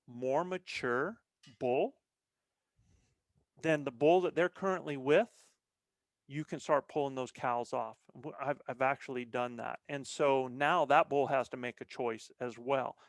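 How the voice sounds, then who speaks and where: A man's voice: fairly high pitch, dry recording. A man talking as a podcast guest, explaining things earnestly in a casual chat with frequent restarts. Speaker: podcast guest, veteran elk bowhunter.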